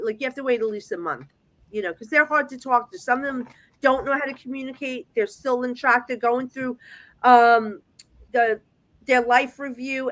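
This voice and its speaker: A woman working as a psychic medium, telling stories in a chatty, animated way on a video call. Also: high voice. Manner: chatty, animated storyteller with frequent restarts. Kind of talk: casual storytelling chat.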